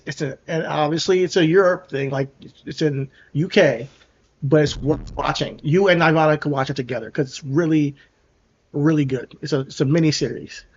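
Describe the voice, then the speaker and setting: A man's voice: fairly high pitch, dull audio. A man co-hosting a podcast in casual chat, earnest and enthusiastic, with some restarts. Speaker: podcast co-host.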